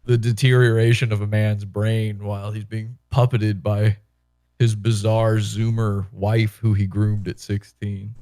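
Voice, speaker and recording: A man hosting a podcast, chatting in a rambling, animated way and swearing casually into a microphone. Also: on the low side, measured pace. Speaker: podcast host. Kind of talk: casual commentary chat. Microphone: microphone with headphones.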